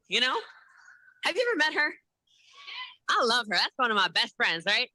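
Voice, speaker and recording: A woman giving a motivational sales training in a lively, laughing way, acting out other people's lines. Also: fairly high pitch, normal speed, pauses often, rough recording.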